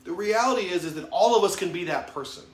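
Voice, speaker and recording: A man in his thirties delivers a blunt, profane motivational monologue to camera as a vlogger, swearing heavily and speaking emphatically about his own weaknesses. His voice sits high, with lively intonation and a fast pace, recorded in an echoey room.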